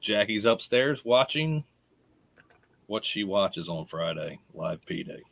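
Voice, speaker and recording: A man's voice: lowish voice, very animated, slow pace, creaky, a bit bright, no room sound. A man with a Baltimore accent hosting a live podcast in a casual, chatty way, greeting listeners by name and laughing often. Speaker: podcast host.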